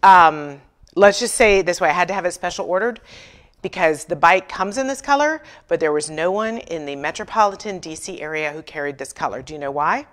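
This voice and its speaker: A woman's voice: fairly low pitch, expressive, fairly quick. A woman hosting a furniture painting livestream, chatting with viewers and telling stories with acted-out dialogue and self-deprecating humor. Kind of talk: casual livestream chat.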